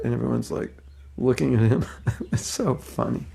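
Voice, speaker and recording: Gravelly older man telling stories. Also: medium pitch, moderate pace, mellow, a little hiss or hum. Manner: anecdotal, chuckling storyteller. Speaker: spiritual teacher. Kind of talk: casual religious class.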